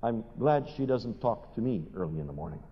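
A man's voice: on the low side, brisk, slight background noise. Older man preaching in an echoing hall. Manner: animated storytelling, asks the audience questions. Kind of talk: sermon with humorous stories. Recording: dull recording in a long-reverb hall.

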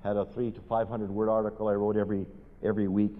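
A man's voice: on the low side, quick pace. Older man preaching in an echoing hall. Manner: animated storytelling, asks the audience questions. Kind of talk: sermon with humorous stories. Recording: dull recording in a long-reverb hall.

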